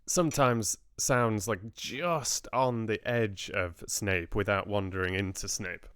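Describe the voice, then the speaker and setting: Chatty man hosting a livestream, smooth voice. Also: lowish voice, slow, fairly bright tone, no room sound, studio quality. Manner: chatty and rambling, answering viewers' chat with laughs. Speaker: livestream book club host. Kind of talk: casual livestream chat.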